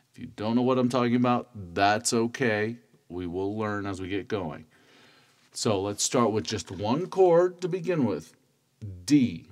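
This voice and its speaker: A man teaching a stringed-instrument lesson, calmly counting beats and chanting strokes. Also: mid-range voice. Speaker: music teacher. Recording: loud instrument playing under voice. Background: cavaquinho playing.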